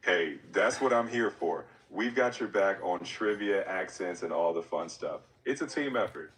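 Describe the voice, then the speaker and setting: A man's voice: low voice, expressive, normal speed, fairly bright tone, recorded from a distance, rough recording. A man's voice as an AI companion co-host, upbeat and agreeable, answering questions in a chatty way. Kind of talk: chatty AI voice assistant.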